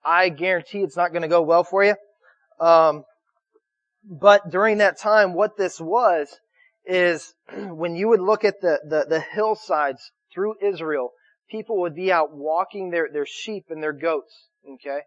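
A man's voice: high voice, measured pace, dry recording, muffled recording. A man preaching a sermon in a loose, conversational way, often restarting his words and checking in with his listeners. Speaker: pastor.

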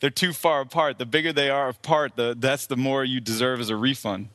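Bright, crude, mocking man. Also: medium pitch, fairly even intonation, fairly quick, dry recording. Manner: crude, mocking, laughs often. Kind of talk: casual chat.

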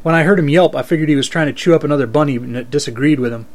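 A man reading first-person fiction aloud in a steady, dry storytelling manner. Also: a little high, very fast.

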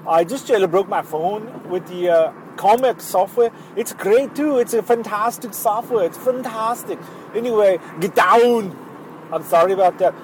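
A caller's over-the-top action-hero impression, with a thick put-on Austrian accent and clipped, repetitive lines, as a man puts him on. The voice is pushed up high, and there is a faint hum of street sound behind it. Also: unhurried, low-quality recording. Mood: boastful.

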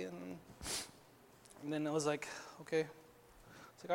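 A man's voice: on the high side, steady tone, moderate pace, gravelly. A young man giving an earnest, conversational personal testimony as a sermon, full of casual fillers. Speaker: speaker at a Christian gathering. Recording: long hall reverb.

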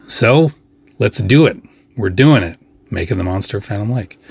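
A man's voice: on the low side, no room sound. A man hosting a podcast, telling a behind-the-scenes story in a casual, chatty monologue full of asides and fillers. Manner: chatty, rambling, with frequent fillers and quick asides. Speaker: podcast host.

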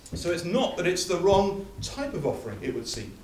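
Recorded from afar in a church hall full of echo, a man preaches with mounting emphasis through repeated phrases. He has a high voice, and a little hiss or hum is audible.

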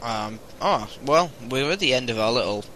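A man's voice: medium pitch, expressive, moderate pace, crowd noise, rough recording. A man hosting a podcast, chatting casually and telling cheeky jokes with a lot of laughter. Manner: cheeky, laughs often, acts out jokes in voices. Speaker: podcast host.

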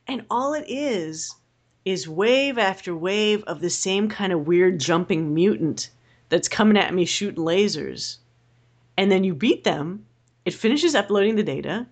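A young woman chatting casually as a podcast co-host, rambling and animated and swearing freely. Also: fairly low pitch. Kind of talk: casual chat.

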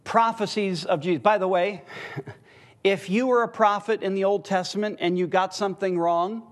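High-voiced man teaching a church class. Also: fairly even intonation, moderate pace. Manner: teasing, chuckling, quizzes the audience. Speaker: Bible teacher. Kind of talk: interactive church Bible class.

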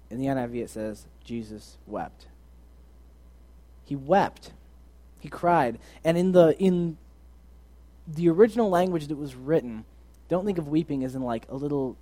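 A young man giving a casual, earnest sermon, moving between loud emphasis and quiet, soft asides. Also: a little high. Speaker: preacher.

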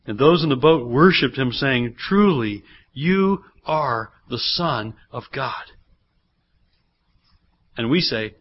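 A man preaching a sermon in a church, at a medium pitch. His delivery swings between a soft, low teaching voice and loud, high exclaiming. The recording is dull and lo-fi. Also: slow. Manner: animated preaching, acting out voices of the people in the reading. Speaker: pastor.

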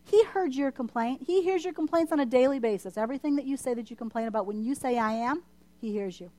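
A woman delivers a church sermon with a fairly high voice. She preaches with passion, hammering her points home through emphatic repetition. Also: quick pace, warm tone. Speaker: church speaker. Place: church service.

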